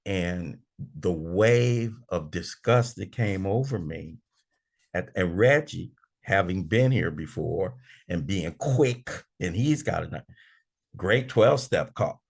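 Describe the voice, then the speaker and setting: Older man, sixties, gravelly low voice, animated preacherly recovery-meeting speaker acting out his own arguments. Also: slow pace. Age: 60s. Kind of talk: animated big book study talk.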